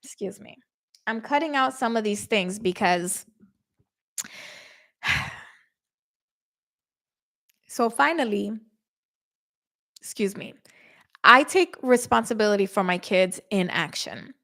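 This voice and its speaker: Middle-aged woman podcast host, lively, acts out every quote. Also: medium pitch, slow, long pauses. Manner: animated, acts out quotes with voice shifts. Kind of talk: casual storytelling to listeners.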